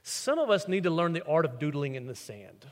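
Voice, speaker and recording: A man's voice: a little high, sing-song, fairly quick. A male pastor, preaching a sermon and telling stories with acted-out voices. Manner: storytelling, acts out quoted voices. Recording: long reverb of a large hall.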